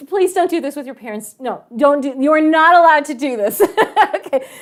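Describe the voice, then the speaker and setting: Woman teacher, higher voice, animated storyteller for an online class. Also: normal speed. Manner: chatty, animated storyteller with frequent laughter and asides. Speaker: math and science teacher.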